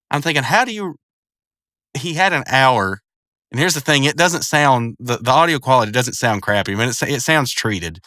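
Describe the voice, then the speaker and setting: A man's voice: medium pitch, pushed and bright, no echo, studio quality. A man giving casual commentary on a cartoon episode, rambling along with lots of fillers and restarts. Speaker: video commentator.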